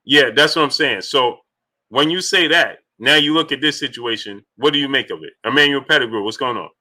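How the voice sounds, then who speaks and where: A man's voice: medium pitch, a little fast, bright, forceful tone. A man hosting a boxing livestream in casual chat, greeting viewers by name as he talks loosely.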